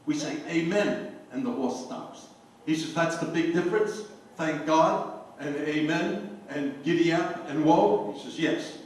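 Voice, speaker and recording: An older man telling jokes to a party crowd, a lively storyteller who hollers his punchlines. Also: fairly high pitch, unhurried. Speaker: joke teller at a party. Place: anniversary party. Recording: echoey room, voice from far off, faint noise.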